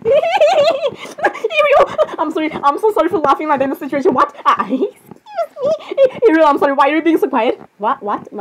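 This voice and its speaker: A young woman doing a playful, giggly role-play with character voices, excitable and full of fillers and laughter. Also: sits high, very fast, few pauses, noisy background.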